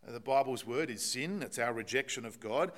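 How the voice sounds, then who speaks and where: A man's voice: mid-range voice, expressive, normal speed, fairly bright tone. A man preaching a sermon, explaining a Bible passage and putting rhetorical questions to the congregation.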